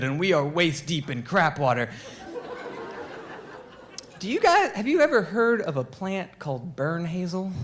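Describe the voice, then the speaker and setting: A man from Pennsylvania telling a comic true story on a live stage, animated, acting out quotes and peppering it with "like". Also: fairly high pitch. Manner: animated, acts out quotes, many "like"s.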